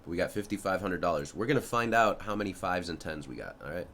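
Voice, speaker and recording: A middle school math teacher introduces a remote lesson to his students. He talks casually and encouragingly, often pausing on "uh" and "you know". His voice sits very low for a man. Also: expressive, fairly bright tone. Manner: casual, filler-heavy, encouraging.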